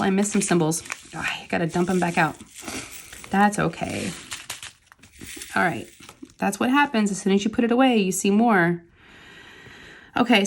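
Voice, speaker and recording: A woman's voice: medium pitch, a little hiss or hum. A woman, a mother, chatting casually and rambling as she works on a craft project, laughing easily between thoughts. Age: adult with kids. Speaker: crafting channel host. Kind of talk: casual chat while diamond painting.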